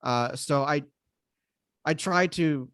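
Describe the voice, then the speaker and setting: A man's voice: on the high side, slow pace, fairly bright tone, no echo, clean studio sound. A man in his thirties from the United States, a stand-up comedian talking casually on a podcast with frequent restarts and fillers. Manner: hesitant, many restarts and fillers.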